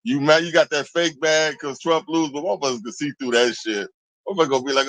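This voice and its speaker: A man's voice: on the high side, fast, a bit bright, no room sound, poor audio. A man in a casual group discussion, explaining points in a casual, profane way.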